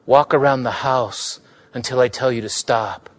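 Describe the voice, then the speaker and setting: A man reading aloud who voices God as a hushed, low, commanding presence in a live fiction reading. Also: normal speed, lightly acted.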